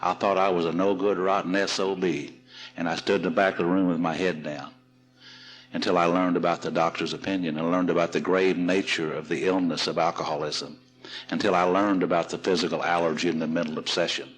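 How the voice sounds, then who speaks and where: A man's voice: deep voice, level tone, brisk, soft background music, poor audio. A man telling his recovery story to a seminar audience in a folksy, humorous way. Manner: folksy, humorous, repeats and restarts.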